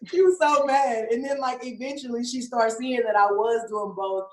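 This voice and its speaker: A woman's voice: on the high side, fairly even intonation, moderate pace, hardly any pauses. A young woman rapper, chatting in an interview, laughing often and saying "like" constantly. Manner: laughs often, fills speech with "like". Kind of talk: casual interview chat. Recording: roomy echo.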